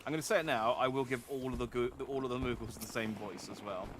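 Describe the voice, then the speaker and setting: A man's voice: mid-range voice, quick pace, background noise. A man streaming as a VTuber, chatting casually through a game and often correcting himself mid-sentence. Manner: rambling, self-correcting, chatty. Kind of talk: casual gameplay commentary.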